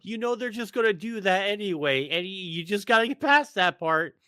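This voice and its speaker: Stammering ranting man, slightly high voice. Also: expressive, normal speed, pushed and bright, smooth, no room sound, studio quality. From United States. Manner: rambling, stammering, sarcastic rant. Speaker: podcast co-host. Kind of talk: casual chat.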